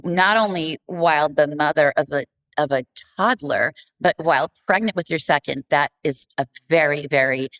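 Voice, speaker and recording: A middle-aged woman co-hosting a podcast, talking casually in a warm, effusive way. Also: deep voice, normal speed. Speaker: podcast co-host. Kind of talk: casual interview talk.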